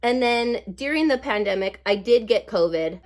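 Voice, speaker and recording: A woman's voice: fairly high pitch, lively intonation, normal speed. A woman in her forties chatting through a life update while putting on her makeup, bubbly and rambling with lots of asides. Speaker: beauty vlogger.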